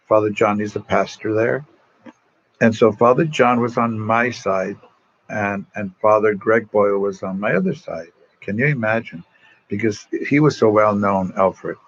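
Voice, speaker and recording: An older priest talks in a low-leaning voice, with the high frequencies cut off. His stories to an online audience are personal, warm and rambling, told casually and with frequent restarts mid-sentence.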